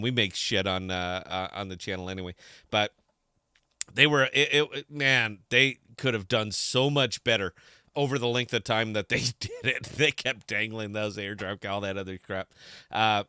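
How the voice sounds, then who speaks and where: A man's voice: medium pitch, bright, forceful tone, clear, resonant tone, dry recording, clean studio sound. Fired-up ranting male podcast host. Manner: fired-up, blunt, profane ranting. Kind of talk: livestream casual chat.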